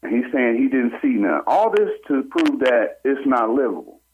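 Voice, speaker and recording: A man calling in to a radio show, telling a personal story in an animated way and acting out what other people said. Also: mid-range voice, moderate pace, slight background noise. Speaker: caller. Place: on a phone call into a radio show. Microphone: telephone. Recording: tinny phone line.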